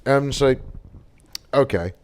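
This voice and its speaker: A man's voice: mid-range voice, moderate pace. A young man, hosting a casual podcast chat and telling stories loosely, with swearing and laughter. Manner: loose, profane, laughing storytelling. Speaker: podcast host.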